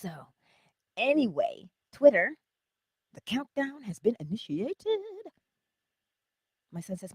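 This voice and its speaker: A woman hosts a relaxed livestream chat, her pitch leaping up and down as she greets viewers by name and calls them honey. She talks at an unhurried pace, close to the mic in a dry, dead room. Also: breathy edge, dry recording. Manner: animated, laughing often, calling viewers honey. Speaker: livestream host.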